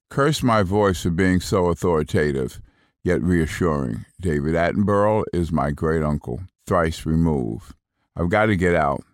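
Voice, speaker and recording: A sulking, soggy meditation-app narrator, as a man puts him on, his deep low voice drifting from calm instruction into whiny grumbling. The sound is close and dry, with no room around it. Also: no room sound. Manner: soothing delivery slipping into whiny complaint. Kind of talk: comic first-person reading.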